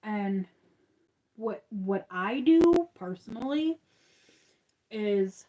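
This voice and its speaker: A woman's voice: medium pitch, lively intonation, extremely slow, dull audio, background noise. A woman hosting a crochet channel, chatting casually on a livestream, rambling and restarting with lots of fillers.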